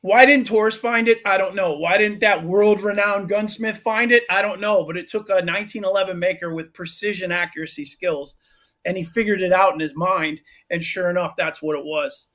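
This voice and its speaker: A man's voice: high voice, moderate pace. A man who runs a gun shop and teaches firearms classes, telling a long anecdote in a casual interview with restarts and asides. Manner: animated, rambling anecdote with restarts. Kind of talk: casual storytelling in a podcast interview.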